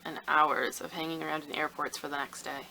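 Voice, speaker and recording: A woman reading the lines of a weary teenage girl in a storybook excerpt, in her own low, bright voice. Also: fairly even intonation, brisk, vocal fry, a little hiss or hum, full character voice, low-quality recording.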